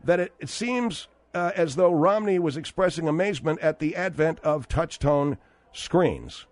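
Halting talk radio host, dry studio sound. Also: male voice, on the high side, expressive, no room sound. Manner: halting, many fillers and restarts.

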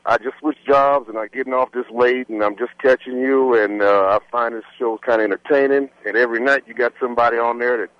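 An easygoing man calls a radio show to chat. His voice sits at an average pitch. The line sounds dry and slightly dull. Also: steady tone, fairly quick, few pauses, no echo. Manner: easygoing, chatty. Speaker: caller. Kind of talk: call-in talk radio.

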